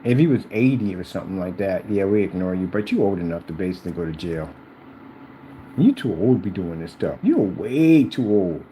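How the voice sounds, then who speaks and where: A man's voice: low voice, animated, a little fast, warm tone, a little hiss or hum, low-quality recording. A middle-aged man ranting to camera as a vlogger, rambling and repeating himself while addressing a rival directly.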